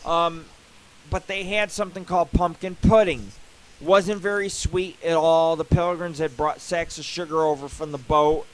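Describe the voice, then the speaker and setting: A man's voice: a little high, fairly even intonation, moderate pace, rough recording. Profane rambling man on internet radio. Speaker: radio show host. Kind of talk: live internet radio comedy rant.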